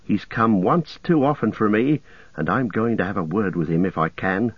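A man's voice: lowish voice, normal speed, slightly rough, dry recording, dull audio. A man reading an audiobook voices a blunt, grumbling young male hobbit. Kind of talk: audiobook character voice.

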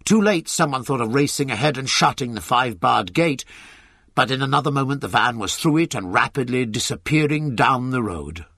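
A man narrating an audiobook with an expressive, dramatic reading. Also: mid-range voice, moderate pace, breathy edge, no room sound, studio quality.

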